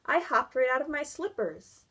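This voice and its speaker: A woman voicing an excited, curious little boy in a read-aloud storybook, high and eager, often exclaiming. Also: normal speed, heavily acted.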